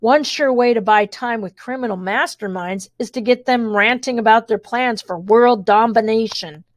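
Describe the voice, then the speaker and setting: A woman's voice: on the high side, moderate pace. Woman reading a children's book aloud. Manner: reads expressively, adds wry spoken asides. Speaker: storybook reader.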